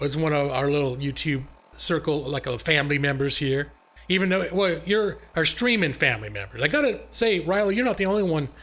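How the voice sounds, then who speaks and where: A man's voice: on the high side, a bit bright. A middle-aged man chatting casually with his stream chat, joking and laughing often between remarks. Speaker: live-stream gaming host.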